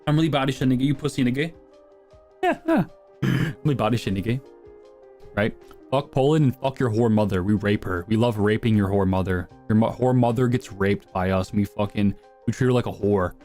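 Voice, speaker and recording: A man's voice: lowish voice, a little fast, a little mellow, faint music behind. A young man live streaming, answering chat with crude, provocative, slang-heavy banter.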